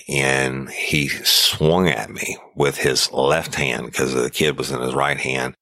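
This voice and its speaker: A middle-aged former lawman tells a story casually in an extremely deep, gravelly voice with a bright, forceful edge. He talks bluntly, swears freely, and paints the scene in vivid detail. The sound is close and dry. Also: fairly even intonation, a little slow, no room sound. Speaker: podcast host, former sheriff's deputy. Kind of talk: casual first-person storytelling.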